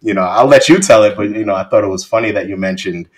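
Deep-voiced young man hosting a podcast. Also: fast talker. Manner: relaxed, repeats words and uses many fillers. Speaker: podcast host. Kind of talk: casual interview chat.

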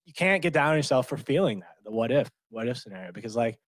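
A man's voice: medium pitch, expressive, fast, no echo. A man hosting a podcast, talking in a casual, supportive way with some swearing. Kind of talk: casual chat.

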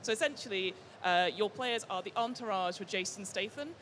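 A man, a game master speaking on a live panel, lively and animated with quick bursts of speech. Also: high voice, a little hiss or hum. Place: stage before a live audience.

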